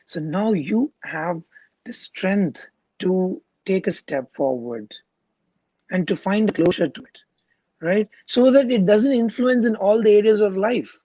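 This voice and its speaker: A man's voice: sits high, lively intonation, a little slow, warm tone, dry recording, dull audio. A man, a hypnotherapist being interviewed, explaining earnestly and checking in with "you know" and "right?" as he goes. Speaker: clinical hypnotherapist guest.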